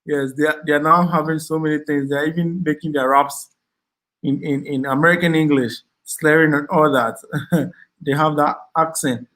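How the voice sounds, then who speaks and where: A man with a Ghanaian accent hosts a relaxed live chat, working through viewer comments and thanking people one by one. His voice sits a little higher than most men's, and he often pauses on ums and repeats himself. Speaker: livestream host reading viewer chat.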